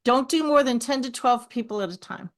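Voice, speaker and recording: A middle-aged woman, a podcast guest, telling stories with lively asides. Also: fairly high pitch, a little fast. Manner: animated storyteller, lively asides. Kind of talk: podcast conversation.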